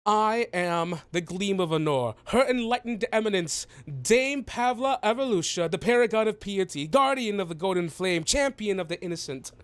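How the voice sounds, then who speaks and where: A man's voice: expressive, normal speed, hardly any pauses, a bit bright, smooth, dry recording. A man voicing a proud, haughty female halfling paladin professor in a grand, pompous, raised voice. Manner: grandiose, pompous, high put-on voice.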